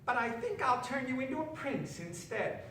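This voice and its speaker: A man voicing a sly, mocking old witch in a read-aloud story, stretching her words in a high, teasing voice. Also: expressive, moderate pace, sharp tone, a little hiss or hum, exaggerated voice. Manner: high cackling teasing voice, drawn out. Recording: roomy echo, distant mic, faint ambience.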